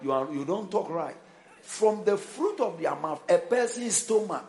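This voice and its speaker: Lively, emphatic preaching man. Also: high-pitched, a little slow, creaky, some chatter behind. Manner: emphatic preaching with call-and-response and repeated phrases. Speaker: pastor. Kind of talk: sermon.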